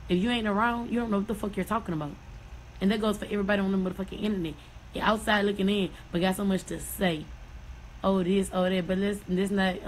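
A woman's voice: medium pitch, slight background noise, low-quality recording. A woman angrily ranting on social media, swearing and repeating herself. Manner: angry, profane, fast.

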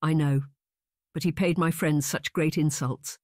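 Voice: mid-range voice, steady tone, measured pace, dark tone, no room sound, lightly acted. A narrator playing a timid young lady who is easily hurt, in a plaintive, slightly raised voice. It sounds close and dry, read as an audiobook character.

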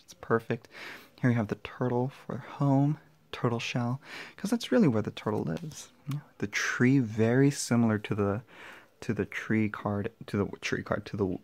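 A young man unboxing and walking through a card deck at home, excitable and gushing, often dropping to a hushed voice so his family won't hear. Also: mid-range voice, vocal fry. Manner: excitable, gushing, drops to whispers; talks quietly with family nearby. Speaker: tarot vlogger. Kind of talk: casual unboxing vlog. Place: indoor room at home.

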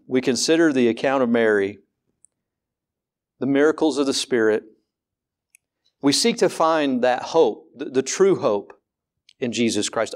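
A pastor preaches a candid, conversational sermon in a voice on the high side. He often repeats words, slows down to stress points, and asks rising rhetorical questions.

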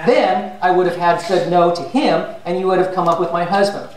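A man's voice: sits high, brisk, lightly acted. Sly seamstress excusing herself, as a man puts her on. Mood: sheepish. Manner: telling a joke, playful. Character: sly middle-aged seamstress woman, quick excuses. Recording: very echoey hall from far off. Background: audience laughing.

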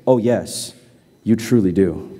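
A man voicing a calm, stern school principal who speaks quietly and gravely. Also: a little high, normal speed. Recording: reverberant church hall.

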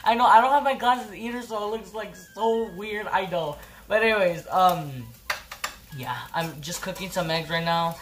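A woman's voice: medium pitch, normal speed. A woman chatting casually to camera in a home kitchen, rambling and giggling, with lots of fillers. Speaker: vlogger.

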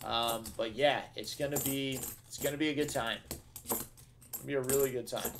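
A man hosting a live coin-hunting stream and chatting casually with viewers. He talks in an excitable, slangy way, with loud bursts of cheer between easygoing chatter. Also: medium pitch, moderate pace, noisy background.

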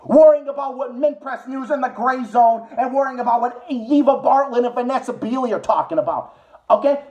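A man's voice: extremely high pitch, a little mellow, muffled recording. Young male commentator, furious and foul-mouthed, sarcastic, repetitive, ranting alone to camera late at night. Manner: profane, aggressive, repetitive, sarcastic. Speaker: political commentator. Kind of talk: angry late-night rant.

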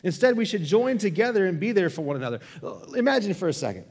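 A male pastor preaches in a casual, storytelling way, stumbling and restarting as he builds his point. His voice sits high for a man. The sound carries a long reverb from a large church sanctuary. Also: big pitch swings, quick pace, a little mellow, breathy edge. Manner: conversational storytelling with repeated restarts. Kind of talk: sermon.

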